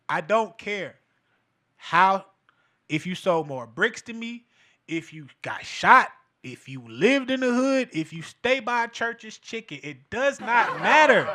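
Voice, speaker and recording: Animated man with bright, raised voice. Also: high-pitched. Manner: animated, emphatic, street slang, frequent fillers. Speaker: podcast host. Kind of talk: casual commentary monologue.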